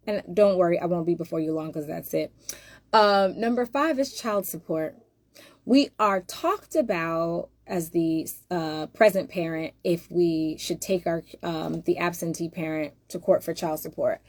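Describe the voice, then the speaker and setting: A woman's voice: on the low side, darkish tone, no room sound. A woman hosting a casual monologue, emphatic and rhetorical, addressing viewers directly. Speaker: host.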